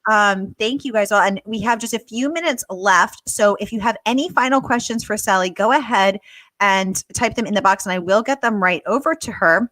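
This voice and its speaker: Chatty American woman host, bright tone, laughs a lot while relaying comments. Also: mid-range voice, moderate pace, no room sound. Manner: chatty, reads audience comments aloud, laughs often. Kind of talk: live online book interview.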